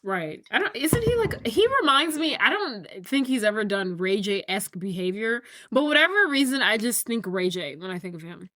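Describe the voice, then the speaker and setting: A woman's voice: medium pitch, sing-song, normal speed, hardly any pauses, sharp tone, no room sound. A woman podcast co-host retelling a movie scene in casual chat, acting out the characters' lines.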